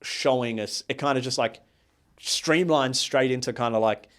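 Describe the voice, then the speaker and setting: Man, podcast co-host, casual chat, rambling, lots of fillers, middle pitch. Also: a bit bright. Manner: rambling, filler-heavy, acts out characters in quick asides. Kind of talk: casual movie review chat.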